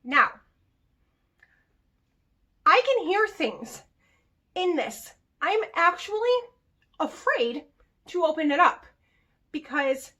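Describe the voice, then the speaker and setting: Woman vlogger, young adult, high-pitched and chatty, reviewing products casually. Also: takes it slowly, pauses often. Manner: chatty and animated, with laughs.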